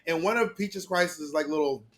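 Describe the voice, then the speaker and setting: A man's voice: fairly high pitch, moderate pace, noisy background. A man hosting a casual chat, eagerly telling gossipy stories. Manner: gossipy, eager storyteller with fillers and asides. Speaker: podcast host.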